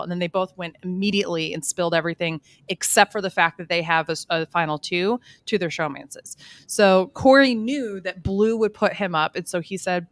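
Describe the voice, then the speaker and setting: A woman co-hosting a casual podcast chat, explaining things in fast, thorough detail. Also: on the low side. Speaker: podcast co-host.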